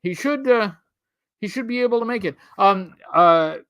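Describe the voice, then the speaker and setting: A man's voice: high-pitched, animated, normal speed, a bit bright, clear, resonant tone, dry recording. A man hosting a live stream, chatting casually in a rambling, wry way and drifting off topic while he talks to viewers.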